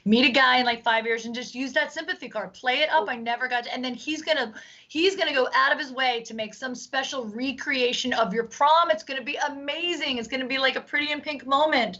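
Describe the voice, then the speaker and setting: A woman comedian on a panel, riffing chatty advice at a quick clip. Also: high-pitched, bright, forceful tone. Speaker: comedian guest. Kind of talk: casual panel chat. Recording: dull lo-fi audio.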